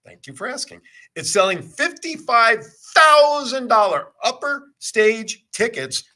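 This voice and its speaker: A man's voice: very high-pitched, very animated, measured pace, bright, forceful tone. A man hosting a talk show who jokes around with his guest and reads news items aloud. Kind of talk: casual interview chat.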